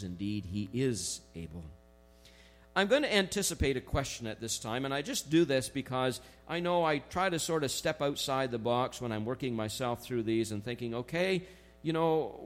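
Man preaching a conversational sermon. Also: mid-range voice. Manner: conversational preaching with emphatic slowed phrases. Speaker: pastor.

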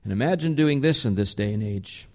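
A man delivering a sermon as pastor, in a conversational, explanatory way, slowing down to stress key words. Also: fairly low pitch, animated, a little mellow.

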